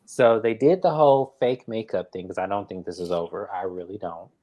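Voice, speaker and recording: A man's voice: on the low side, brisk, dark tone, highs cut off. A man co-hosting a reality TV review in casual chat, reasoning through the drama bluntly with slang.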